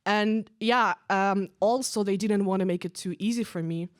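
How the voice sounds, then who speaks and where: A woman's voice: medium pitch, normal speed, no echo, clean studio sound. A young adult woman performing a stand-up comedy set on stage, casual and chatty with lots of fillers. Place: stage at a live event.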